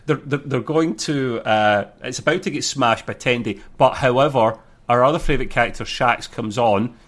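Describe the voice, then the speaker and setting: A man's voice: mid-range voice, moderate pace, fairly bright tone. Easygoing male podcast co-host. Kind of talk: casual review chat.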